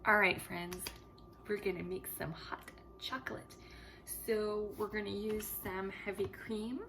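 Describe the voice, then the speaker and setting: Chatty woman with a gravelly voice. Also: mid-range voice, level tone, unhurried, noisy background. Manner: chatty, emotional, slips into soft whispers. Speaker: vlogger. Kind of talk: casual home vlog chat. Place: home kitchen.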